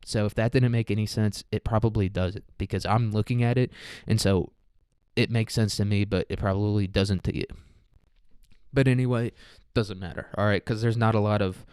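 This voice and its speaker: Low, smooth-voiced young man rambling. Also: fairly even intonation, normal speed, darkish tone, no echo, clean studio sound. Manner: rambling, profane, joking asides with laughs. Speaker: podcast host. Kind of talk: casual solo podcast monologue.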